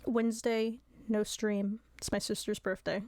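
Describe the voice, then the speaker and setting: A woman's voice: medium pitch, flat delivery, unhurried, a little mellow, dry recording. A woman streamer chatting casually with her viewers, giggly and apologetic.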